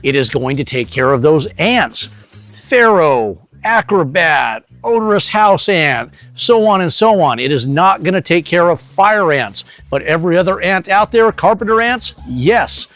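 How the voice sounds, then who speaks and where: A man hosting a pest control channel, giving an energetic, salesy product demonstration straight to the viewer. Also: a little high, measured pace, soft background music. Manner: energetic, salesy, direct to camera.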